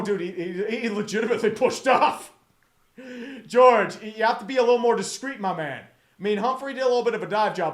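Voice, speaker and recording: A man in his thirties giving live play-by-play as a fan streamer, profane, exasperated and sarcastic as he reads chat between plays. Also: sits high. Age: 30s.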